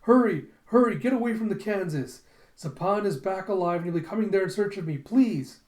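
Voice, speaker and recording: A man puts on a young cyborg girl fighter from a comic, pitched far above his own voice and pushed loud. She pleads in a frantic rush. The room around the voice rings with echo. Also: lively intonation, brisk. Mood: desperate.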